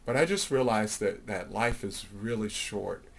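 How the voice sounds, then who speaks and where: Low-voiced man telling his life story. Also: a little slow, creaky. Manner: reflective storytelling, many fillers, acts out quoted voices. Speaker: interview guest. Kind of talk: personal life story in an interview.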